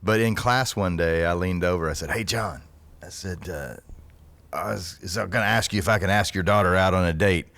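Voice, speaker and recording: A man telling stories from his past in a casual podcast chat, chatty and quick to laugh. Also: low-pitched, fairly bright tone, no room sound.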